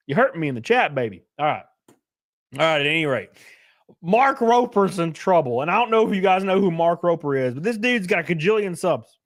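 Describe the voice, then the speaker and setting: A man in his thirties hosts a casual live stream, trading jokes and jabs with his chat. His voice sits a little high for a man, and his delivery is brash and offhand. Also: lively intonation, a little fast. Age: 30s. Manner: brash, joking, talks back to chat. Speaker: livestream host.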